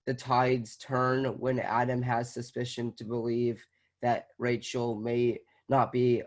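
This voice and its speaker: Hesitant teenage acting student. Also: male voice, medium pitch, monotone, slow pace. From Southern California. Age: teens. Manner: hesitant, thinking aloud with many fillers and restarts. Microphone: video call.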